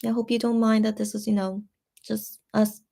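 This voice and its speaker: A woman's voice: a little high, level tone, creaky, mellow. Woman chatting on a fan livestream. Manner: halting, many restarts and fillers, comforting tone; reads out viewer comments and answers them. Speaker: livestream host reading fan chat. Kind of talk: casual livestream chat.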